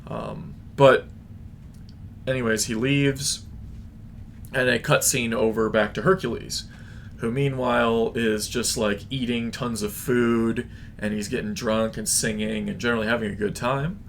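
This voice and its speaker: Young guy recapping a play, super casual, gravelly voice. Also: mid-range voice, fairly even intonation, unhurried, slight background noise. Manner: chatty, informal, opinionated. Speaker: book reviewer. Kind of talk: casual retelling.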